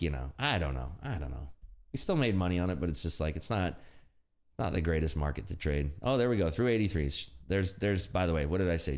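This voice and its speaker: Male livestream host, deep voice that swings up and down a lot, loose jokey chatter, frequent laughter. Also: a little mellow. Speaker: day-trading livestream host. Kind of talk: live trading commentary chat. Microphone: desk computer streaming setup.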